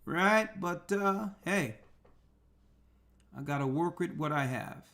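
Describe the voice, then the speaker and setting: This man's voice is on the high side, animated and a bit bright, and he takes things slowly. Hosting an online radio talk show, he chats casually and unhurriedly, thinking aloud at his computer and tossing in religious exclamations.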